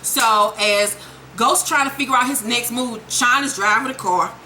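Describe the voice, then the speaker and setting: A woman's voice: a little high, normal speed, sharp tone, a little hiss or hum. A woman giving a casual, blunt, profanity-filled recap of a TV episode. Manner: blunt, crude, swearing. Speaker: TV episode reviewer.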